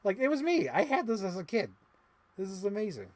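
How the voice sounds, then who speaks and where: A man's voice: sits high, fairly quick. Chatty man unboxing toys on stream. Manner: rambling, excitable, heavy use of "like". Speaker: toy collector streamer. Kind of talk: casual live stream chat while unboxing.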